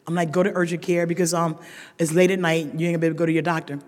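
A woman's voice: fairly low pitch, flat delivery, rapid-fire, a little mellow. A woman sharing her recovery story at a meeting, raw and emphatic, talking straight to the room. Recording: long reverb of a large hall.

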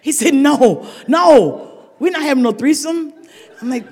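In an echoey hall, a high-pitched older woman shares a funny recovery story with a meeting at an unhurried pace. She tells it with energy, laughing frequently and building up to shouts for emphasis.

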